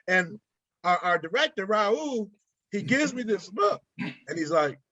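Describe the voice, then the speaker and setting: A man telling a funny story about being on set during an interview, animated and self-mocking. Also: high-pitched, measured pace, no echo, lo-fi sound. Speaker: creator of the film, youth football coach.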